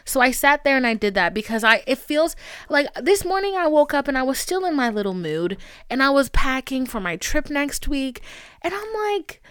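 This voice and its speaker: A young woman hosting a solo podcast, talking candidly in an animated, profane, playfully dramatic way. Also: high-pitched, moderate pace, clear, resonant tone, no echo, clean studio sound. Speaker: podcast host.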